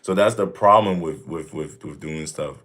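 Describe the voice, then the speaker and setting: A very deep-voiced man in his thirties chats casually with viewers in a livestream Q&A. He talks emphatically, circles back and repeats his points, and keeps slipping into jokes. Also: moderate pace, fairly bright tone. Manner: emphatic, repetitive, joking, with bursts of mock voices. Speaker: fitness streamer answering viewer questions.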